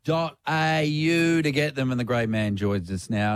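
A man with an Australian accent co-hosting a drive-time radio show, playful and teasing in an animated way. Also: medium pitch, a little slow, a little hiss or hum. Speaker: radio co-host.

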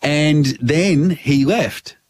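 Animated man telling a story. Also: fairly high pitch, drawn-out words, no echo, studio quality. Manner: animated storyteller, acts out quotes, laughs often. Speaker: radio show host. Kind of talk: casual storytelling chat.

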